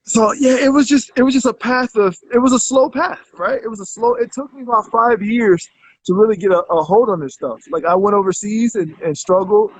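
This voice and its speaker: Husky, fairly high-voiced man telling his story. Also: brisk, no echo. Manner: rambling, many restarts, animated. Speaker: guest, health coach. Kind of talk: casual interview storytelling. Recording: dull, dry lo-fi recording.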